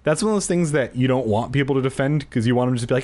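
A young man casually reading a story aloud, animated, with jokey asides and a husky voice. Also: medium pitch, fast, few pauses. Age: young adult. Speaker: reader of books aloud.

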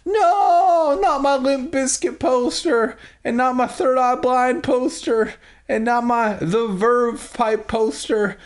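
A man voicing a melodramatic young girl in a comedic book reading, with shrill, exaggerated wailing. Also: takes it slowly.

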